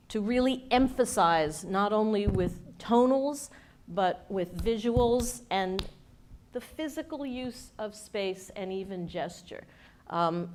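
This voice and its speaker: A woman leadership coach gives a lively talk to a studio audience, leaning hard on key words and slipping in dry jokes. Her voice sits at an ordinary middle pitch. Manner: animated, emphatic, wry humor. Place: event space with a studio audience.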